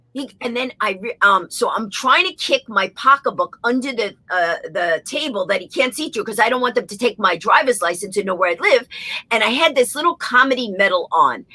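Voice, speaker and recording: A woman guest telling a comic story with lively delivery, acting out the voices of the people in it. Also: fairly high pitch, breathy edge. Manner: animated, acts out the voices in her story.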